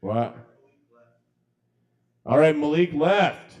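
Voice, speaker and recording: A man's voice: fairly high pitch, lively intonation, extremely slow, a little mellow. Chatty man hosting an open mic. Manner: loose, chatty, lots of ums and calling out names. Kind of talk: casual live hosting. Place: kava bar open mic.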